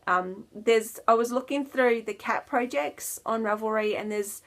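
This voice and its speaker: Speaking unhurriedly in a fairly high voice, a woman runs a casual knitting podcast full of rambling talk. She pokes fun at herself with laughs and drops some soft asides close to a whisper.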